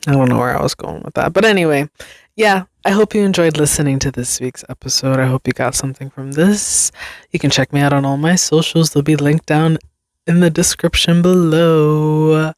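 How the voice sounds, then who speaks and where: A woman's voice: deep voice, normal speed, a little mellow, dry recording, studio quality. A young woman hosting her own podcast, rambling casually about her life, self-deprecating and laughing often. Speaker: podcast host. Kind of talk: casual solo podcast chat.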